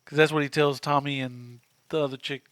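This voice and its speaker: A man bantering on a podcast, quick to chime in. His voice is fairly high and sharply bright. It is recorded dry, with no room echo. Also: fairly even intonation. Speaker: podcast co-host. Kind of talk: casual chat.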